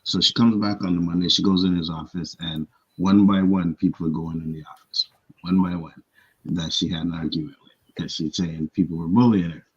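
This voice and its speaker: A man on a talk show panel, telling a workplace story in casual chat, animated and profane. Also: sits low, a little fast, husky, highs cut off. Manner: animated storyteller, profane, acts out others' lines.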